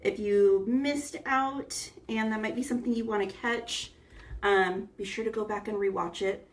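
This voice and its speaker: An American woman hosts a relaxed cooking livestream, talking with viewers and greeting each one by name. Her medium-pitched voice stays steady at a normal speed. She is recorded on a phone's front camera, far from the mic.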